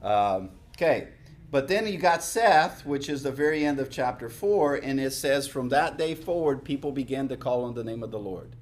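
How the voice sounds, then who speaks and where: A middle-aged man preaching a sermon in a conversational way, repeating key lines for emphasis and dropping to quiet asides. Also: medium pitch, expressive, moderate pace. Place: church hall.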